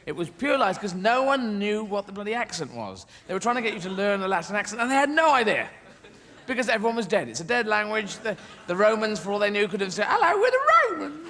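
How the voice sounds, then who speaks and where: A man's voice: high voice, lively intonation, fast talker, a crowd in the background. A man doing a rambling, whimsical stand-up routine with playful voices. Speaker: stand-up comedian. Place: large theatre stage. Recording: live hall with loud audience noise.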